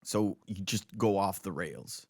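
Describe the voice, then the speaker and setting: A man's voice: sits low, unhurried, no echo. Guy hosting a movie podcast, rambly, lots of uhs, dry close sound. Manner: rambling, many fillers and restarts. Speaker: podcast host. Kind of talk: casual movie discussion.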